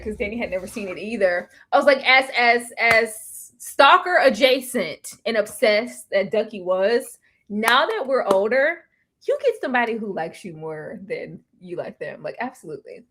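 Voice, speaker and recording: Woman host, casual livestream chat, animated and slangy, sits a bit high. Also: normal speed. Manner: animated, slangy, laughs often.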